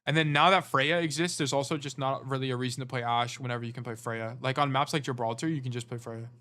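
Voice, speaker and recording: A man's voice: mid-range voice, fairly even intonation, fast, bright, forceful tone. A man coaching a player through gameplay footage in a casual, blunt way, often repeating short commands. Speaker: game coach.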